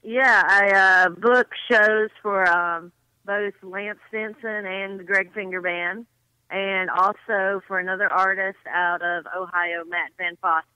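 A woman's voice: mid-range voice, steady tone, slow, bright, forceful tone, clean tone, no echo, rough recording. A woman from Georgia, a band booking agent, chatting as a guest over the phone on a radio show and laughing often. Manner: friendly and giggly, laughs often. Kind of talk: casual phone interview.

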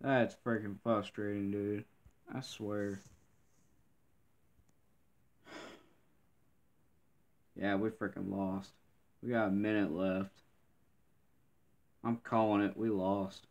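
Man narrating his own gameplay at a slow, low drawl, muttering irritated complaints and mild curses. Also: level tone, a little mellow. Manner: grumbling, frustrated complaining with mild cursing. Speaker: gameplay commentator. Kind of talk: live gameplay commentary.

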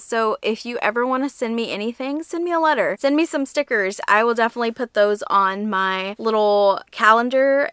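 A woman's voice: a little high, fairly bright tone, clean tone, no echo. A young woman vlogging casually about her crochet work and mail from fans, chatty and gushing, with lots of fillers and a teary edge. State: teary, emotional. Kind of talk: casual vlog chat.

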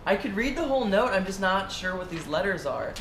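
A man's voice: sits high, very animated, brisk, fairly bright tone. A playful American man chats on camera, hamming things up and giggling. His voice bounces around an echoey room, with a faint hiss underneath. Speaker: vlog co-host. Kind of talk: casual chat.

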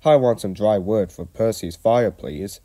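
A man's voice: fairly low pitch, measured pace, warm tone, natural voice. A man voicing a blunt, matter-of-fact male fireman of a steam engine in a storybook.

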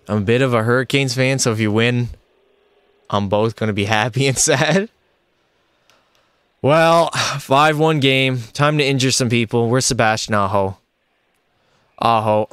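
A young man streaming a hockey video game, giving excitable, frustrated play-by-play and talking to his chat. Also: mid-range voice, measured pace, pauses often, clean tone, no room sound. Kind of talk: live gameplay commentary.

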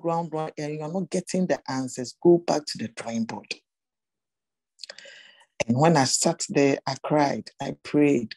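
A woman's voice: a bass voice, warm tone, slightly rough, dry recording, rough recording. A woman giving an earnest personal testimony sermon to other women, pressing her listeners with repeated rhetorical questions. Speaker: women's ministry speaker.

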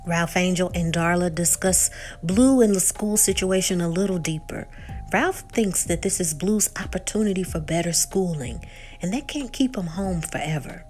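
Lady vlogger recapping a show, lowish voice, lively, acts out the quotes. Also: moderate pace, faint music behind. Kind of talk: episode recap narration.

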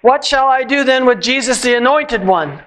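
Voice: high voice, lively intonation, moderate pace, a bit bright, slight background noise, voice pushed up. A church reader voicing a male Roman governor who questions a crowd, with the lines delivered in a raised questioning tone.

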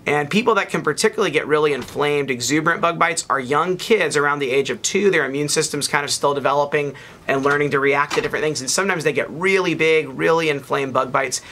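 A man with a bright, slightly high voice explains pathology slides in a loose, unscripted way. He pauses with ums and restarts phrases as he points things out. It sounds like a narrated teaching recording. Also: slight background noise. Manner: relaxed explaining with fillers and restarts. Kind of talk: narrated microscope slide lecture.

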